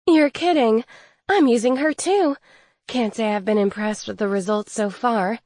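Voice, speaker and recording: A bubbly, gossipy young fairy masseuse chatters in a lifted, lively voice, as a woman reads her. The sound is close and dry, with no room around it. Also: medium pitch, normal speed, no echo, natural voice. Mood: excited, complaining.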